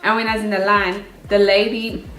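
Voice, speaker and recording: A young woman talks straight to camera in a chatty, animated way. She acts out her own past nerves as she gives advice. Her voice sits at a middle pitch, and the room around her is echoey. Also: brisk. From South Africa. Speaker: vlogger. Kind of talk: casual advice vlog.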